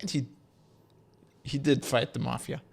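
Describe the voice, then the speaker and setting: A man's voice: medium pitch, fairly even intonation, a little slow, creaky, breathy edge. A man streaming a video game, rambling, joking and reading game text aloud. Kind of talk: casual let's-play commentary.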